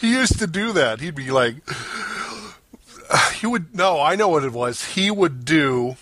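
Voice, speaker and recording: A man's voice: a little high, animated, takes it slowly, pushed and bright, no echo. Guy cohosting a podcast over a voice call, bouncy voice, dead dry sound, laughs a lot. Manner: jokey, laughs often, spins absurd bits. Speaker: podcast co-host. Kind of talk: casual comedic chat. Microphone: online voice call.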